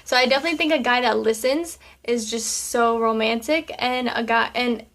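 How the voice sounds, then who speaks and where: A sassy young woman talks straight to her viewers and works through their questions one by one. Her voice sits a little high, and she speaks in loose, chatty bursts padded with "um" and "like". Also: steady tone, a little fast, fairly bright tone. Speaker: vlogger answering viewer questions. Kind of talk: casual chat.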